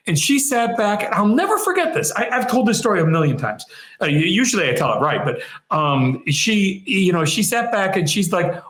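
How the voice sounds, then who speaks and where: A man's voice: on the high side, sing-song, moderate pace, a bit bright, reverberant. A middle-aged man, an interviewer, telling a long anecdote in a casual, rambling way and correcting himself as he goes. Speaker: interviewer, practice marketing co-founder.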